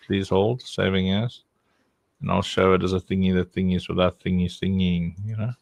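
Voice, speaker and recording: A man's voice: sits low, flat delivery, normal speed, gravelly, darkish tone, dry recording. A man hosting a live stream in a casual, playful, rambling way, often breaking into laughter. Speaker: livestream host.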